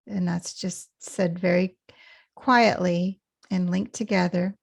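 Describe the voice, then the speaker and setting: A woman teaching English pronunciation in a patient lesson, repeating phrases slowly so learners can follow. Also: lowish voice, level tone, creaky, darkish tone, no echo, clean studio sound. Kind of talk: slow explanatory lesson.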